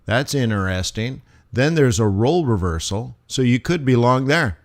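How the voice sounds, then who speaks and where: A man teaching forex on a live stream, thinking aloud over charts with playful asides and sudden animated bursts. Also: medium pitch, moderate pace. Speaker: forex trading instructor. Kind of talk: live trading stream commentary.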